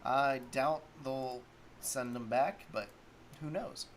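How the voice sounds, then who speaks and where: A man's voice: medium pitch, slow, slight background noise. A man hosting a solo sports talk stream, rambling casually and thinking aloud while he looks up stats. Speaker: sports talk show host.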